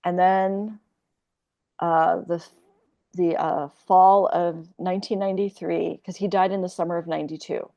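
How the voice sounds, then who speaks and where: A woman's voice: fairly low pitch, fairly even intonation, measured pace, gravelly, warm tone, lo-fi sound. A woman in her sixties, a podcast guest telling a candid personal story in a rambling, profane way, full of fillers and restarts.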